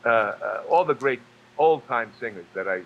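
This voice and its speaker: A man from New York, a guest actor and singer, telling stories in a halting way with many restarts and fillers. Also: medium pitch, lively intonation, gravelly, lo-fi sound. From New York, USA. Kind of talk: casual storytelling interview.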